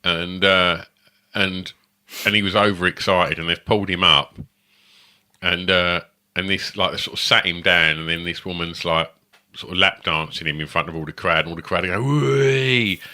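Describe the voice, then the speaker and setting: A man in his fifties, co-hosting a comedy podcast with bawdy quips and loud laughs. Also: low voice, little pitch movement, normal speed. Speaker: podcast co-host. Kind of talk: casual chat.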